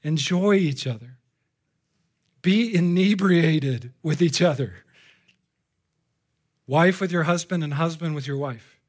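Man, pastor preaching to a congregation; slightly high-pitched, lively delivery that jumps from exclamations to hushed asides. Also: slow, long pauses. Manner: animated, swings between loud exclamations and hushed asides. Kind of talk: live sermon. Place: church before a congregation.

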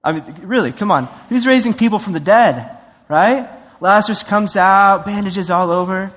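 Animated male preacher in a reverberant hall. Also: sits high, normal speed. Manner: animated, acts out voices, conversational asides. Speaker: pastor. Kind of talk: sermon.

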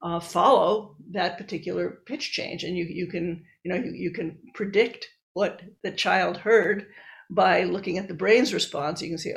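A woman's voice: on the low side, moderate pace, gravelly. A woman researcher and book author explaining her work step by step in an interview.

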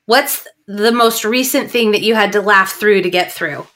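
A woman hosting a podcast interview, effusive and full of praise as she asks quick questions. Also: medium pitch, fairly bright tone. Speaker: podcast host. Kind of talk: casual interview chat.

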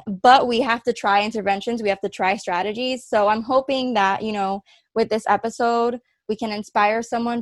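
A woman's voice: fairly high pitch, no echo. A woman co-hosting a podcast, talking earnestly and getting emotional as she thanks listeners, laughing often. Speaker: podcast co-host. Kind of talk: casual podcast chat.

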